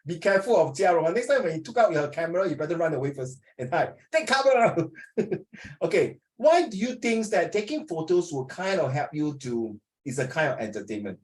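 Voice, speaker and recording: A man's voice: fairly high pitch, very animated, a little fast, a little mellow. A man with a Singaporean accent teaching a class, joking with his students and quizzing them. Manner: joking, asks students questions, mixes in Mandarin. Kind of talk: classroom lesson.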